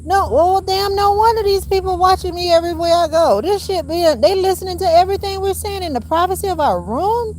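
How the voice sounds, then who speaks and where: A woman's voice: extremely high pitch, fairly quick, hardly any pauses, a little mellow, a little hiss or hum. A woman vlogging in a casual monologue, rambling and emphatic, swearing often and calling her viewers y'all. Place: rented home.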